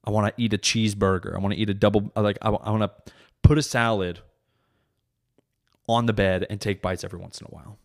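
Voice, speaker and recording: A young man hosting a podcast, telling a comedic monologue in a profane, animated way with sudden loud bits. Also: on the low side, fast talker. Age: young adult. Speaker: podcast host.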